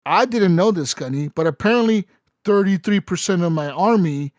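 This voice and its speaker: A man hosting a casual podcast, telling a story animatedly with lots of swearing and "right?" fillers. His voice sits a little higher than average. The recording is dry and close. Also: animated, normal speed, no echo. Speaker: podcast host. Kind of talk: casual chat.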